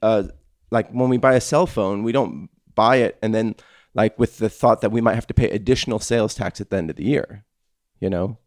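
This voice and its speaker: Low-voiced man explaining in casual chat. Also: brisk, dry recording, clean studio sound. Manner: explanatory, earnest, hedging with "like".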